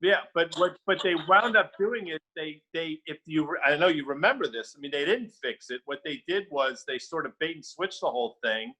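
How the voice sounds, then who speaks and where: Bright, wry man co-hosting a chat. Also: fairly high pitch, expressive, a little fast, few pauses, low-quality recording. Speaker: podcast co-host. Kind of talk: casual market chat.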